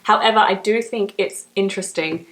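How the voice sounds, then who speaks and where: A young Australian woman chatting casually to camera as a vlogger, laughing often and filling pauses with "like". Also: mid-range voice, a bit bright, echoey room.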